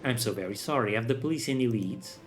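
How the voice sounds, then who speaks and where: A man's voice: medium pitch, fast, faint music behind, natural voice. Man reading a courteous half-orc heroine. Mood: polite. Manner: formal, courteous.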